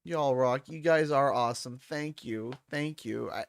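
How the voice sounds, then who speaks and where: A man's voice: medium pitch, a little slow, dry recording. A Canadian man chats through a game livestream, thanking viewers one by one and laughing easily. His voice sits mid-range for a man. It sounds dry and close. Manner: chatty, thanks donors by name, laughs often. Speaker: streamer. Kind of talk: casual livestream chat.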